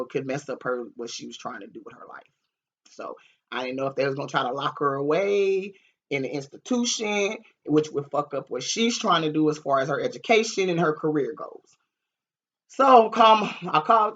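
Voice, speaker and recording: Bright-voiced woman telling a story. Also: sits low, dull audio. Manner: animated, profane, laughing, acts out quotes. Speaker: vlogger. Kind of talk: casual storytelling to camera.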